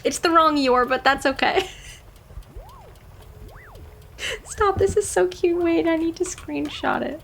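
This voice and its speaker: A woman's voice: very high-pitched, takes it slowly, creaky, pauses often, fairly bright tone, slight background noise. A woman streaming a game, chatting casually and laughing often. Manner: giggly, chatty.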